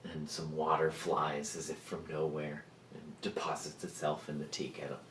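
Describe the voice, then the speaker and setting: A man narrates a tabletop game as its game master, describing scenes at length with frequent fillers. His voice sits low, and the recording is roomy with a faint hiss. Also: completely flat delivery, moderate pace, a bit bright.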